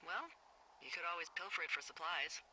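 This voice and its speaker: A woman's voice: lowish voice, sharp tone, slight background noise, poor audio. An actress playing a witty woman lookout supervisor speaking over a handheld radio in a video game, with a teasing, playful manner. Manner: teasing, playful, quick-witted.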